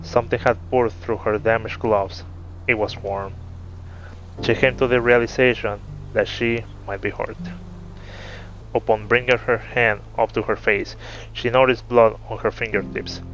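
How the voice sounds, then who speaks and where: Low-voiced man reading a story. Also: measured pace, a little hiss or hum. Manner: steady narration, laughs between chapters. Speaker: story reader. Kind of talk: reading a fantasy story aloud. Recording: muffled with faint music.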